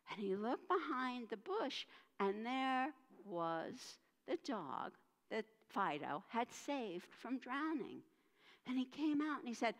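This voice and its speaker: A woman minister telling a story during a church service, dramatic and expressive, in a church with a long hall reverb. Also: a little high, slow pace.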